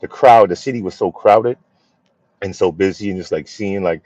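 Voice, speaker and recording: A man chats loosely with his viewers, his voice sitting on the low side. He rambles in an easygoing way, trailing into fillers and starting sentences over. The sound is dull and lo-fi, captured dry on a phone with no room around it. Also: normal speed, a little mellow, no room sound. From Philadelphia, USA. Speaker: livestream host. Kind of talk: casual live chat with viewers.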